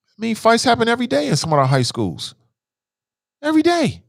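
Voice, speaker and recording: This adult man, a father, hosts a call-in talk show in a very high voice with huge pitch swings, a slightly quick pace, and vocal fry. His casual, opinionated commentary is loose and blunt, full of slang and swearing, and he reads listener messages aloud. The studio-quality recording has no room sound.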